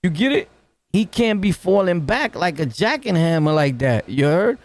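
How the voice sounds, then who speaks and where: A man's voice: high-pitched, sing-song, normal speed. A man with a New York accent reacting to clips in casual commentary, full of street slang and laughing asides, talking right up on the mic. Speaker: reaction streamer. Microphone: close to the mic.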